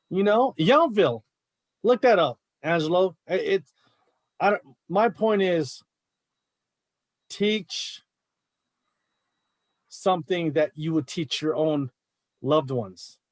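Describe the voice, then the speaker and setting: A man's voice: high voice, expressive, slow, long pauses, no room sound. A middle-aged man, a martial arts coach, talking in a fired-up, emphatic way on a podcast. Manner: fired-up, emphatic, says bro a lot. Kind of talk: casual podcast chat.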